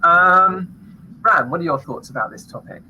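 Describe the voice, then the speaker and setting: Guy hosting a panel on a video call, kinda high voice, really sharp and bright, chatty. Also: moderate pace, highs cut off, slight background noise. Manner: friendly, loose, chatty moderator. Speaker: podcast host.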